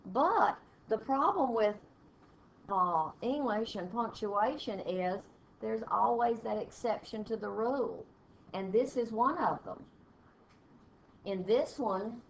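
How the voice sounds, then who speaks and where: Woman teacher explaining grammar, lo-fi. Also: a little high. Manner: explains step by step, reads sentences aloud with pauses. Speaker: English teacher. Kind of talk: classroom test-prep lesson. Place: classroom. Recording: dull lo-fi classroom recording with faint noise.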